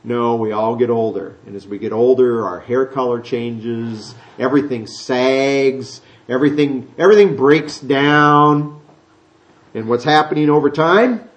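A man preaching a sermon, teaching from the Bible in a chatty, folksy way, reading scripture aloud and slipping into quick voices. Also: mid-range voice, poor audio. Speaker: pastor.

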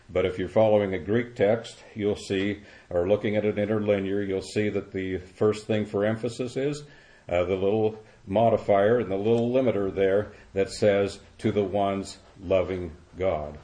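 Older male preacher, low and mellow, unhurried expository sermon. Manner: slow, repetitive expository preaching with pauses.

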